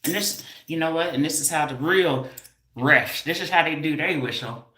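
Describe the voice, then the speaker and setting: A woman streams live from her home, teasing and calling out to viewers in a loud, playful way. Her voice is low for a woman but bright and forceful, and the room around her rings with echo. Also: normal speed. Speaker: hair stylist and educator. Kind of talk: casual live stream talk.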